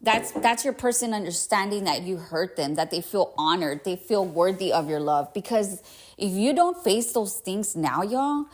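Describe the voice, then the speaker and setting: A woman's voice: mid-range voice, normal speed. A woman hosting a solo podcast, talking candidly and emphatically, with frequent fillers and some swearing, a bit congested. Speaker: podcast host. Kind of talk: casual solo podcast monologue.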